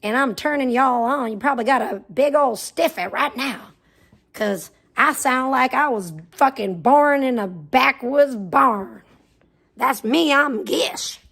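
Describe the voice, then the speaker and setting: A crude, boastful backwoods hillbilly mother, as a woman puts her on in a mocking livestream impression. She brags in a loose, mocking drawl. The voice sits high with a gravelly fry running through it. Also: fairly quick.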